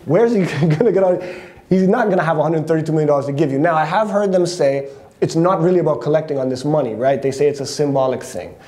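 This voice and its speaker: Mellow man giving his opinion. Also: a little high. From Canada. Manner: candid, conversational, thinking aloud with restarts. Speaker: host. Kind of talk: opinion commentary monologue.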